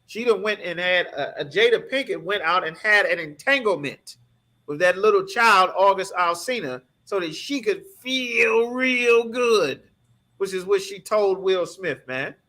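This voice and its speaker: Emphatic, high-voiced male preacher. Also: normal speed, bright, forceful tone. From United States. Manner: emphatic, streetwise preaching with rhetorical questions. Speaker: scripture class teacher. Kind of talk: preaching scripture breakdown.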